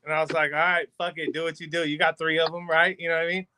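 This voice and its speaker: Podcast co-host, man, high voice, profane storyteller who acts out quotes. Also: little pitch movement, fast, sharp tone, a little hiss or hum. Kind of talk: casual storytelling among friends.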